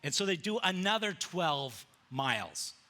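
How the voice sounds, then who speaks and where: At a measured pace, a pastor gives a sermon in a church sanctuary with slides, his bright, forceful voice pitched fairly high, a bit above the typical male range. He storytells in a lively, casual style, voicing the characters and tossing in modern slang.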